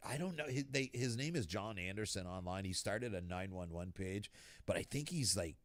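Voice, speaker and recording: A podcast host with a rural New England accent chats casually, swearing freely and laughing as he tells stories. His low voice is expressive at a normal speed, with no echo in the recording.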